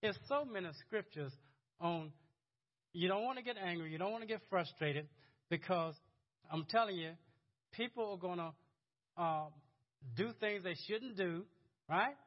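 A man's voice: high voice, a little slow, pauses often, lo-fi sound. A man preaching a sermon in a conversational, chuckling way, often repeating words as he goes. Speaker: pastor.

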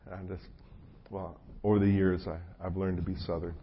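A man's voice: sits low, flat delivery, brisk. A man from New Jersey, a pastor, preaching in a loose, conversational way with storytelling asides and a frog in his throat. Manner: folksy, self-deprecating storytelling with many asides. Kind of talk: conversational sermon. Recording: muffled lo-fi audio with faint hum.

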